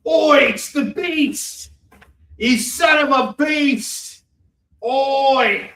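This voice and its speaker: A man doing a put-on Australian accent as a loud, brash movie tough guy, shouting and drawing out his words. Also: extremely high pitch, distant mic, voice pushed up, heavily acted. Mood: rowdy shouting. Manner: drawn-out shouting. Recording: roomy echo.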